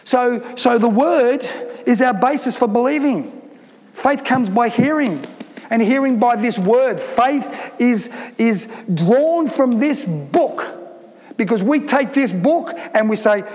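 A man's voice: very high-pitched, measured pace, a little mellow, in a large hall. A male pastor preaching a sermon, emphatic and repeating phrases for stress.

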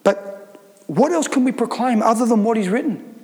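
A man's voice: very high-pitched, lively intonation, moderate pace, a little mellow, in a large hall. A male pastor preaching a sermon, emphatic and repeating phrases for stress.

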